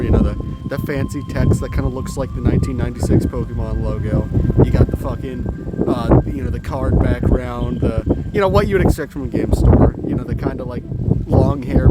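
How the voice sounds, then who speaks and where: A man's voice: mid-range voice, very noisy. A young man telling a story in a casual, rambling way, swearing now and then. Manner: rambling, profane, self-correcting. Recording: clear background music.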